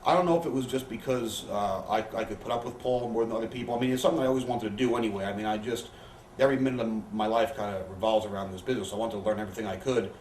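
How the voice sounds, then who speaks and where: A man's voice: lowish voice, racing, a little mellow. A man telling candid, profane stories as an interview guest, often acting out what others said. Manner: profane, rambling anecdotes with quoted voices. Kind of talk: candid storytelling. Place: living room. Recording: roomy, distant, faint background hiss.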